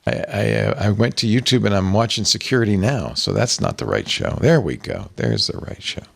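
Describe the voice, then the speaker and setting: A man's voice: on the low side, wildly swooping pitch, fairly quick, gravelly, breathy edge. A man hosting a podcast in a casual chat, joking and plugging the show. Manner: jokey, chatty, plugs the show. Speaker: podcast host.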